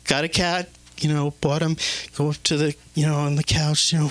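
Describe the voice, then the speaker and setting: A man doing an open-mic stand-up set in a comedy club, talking in a halting, hesitant way with many restarts. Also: a little high, fairly even intonation.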